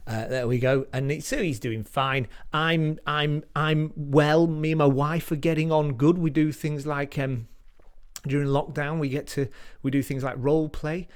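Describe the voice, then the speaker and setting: A man's voice: fairly high pitch, fairly even intonation, measured pace, clean tone. Rambling self-deprecating male comedian. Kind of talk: stand-up comedy set.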